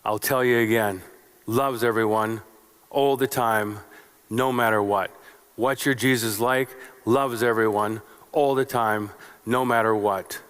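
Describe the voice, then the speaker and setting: A man's voice: lowish voice, steady tone, a little slow, fairly bright tone, smooth. A male pastor preaching a sermon in short, repeated phrases and rhetorical questions. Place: church sanctuary. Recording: long reverb of a church sanctuary.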